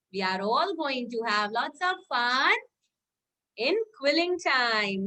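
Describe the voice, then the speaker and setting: A woman's voice: fairly high pitch, bright, forceful tone. A woman kindergarten teacher giving an online lesson to young children, coaxing and cheering in a sing-song, exclamatory way.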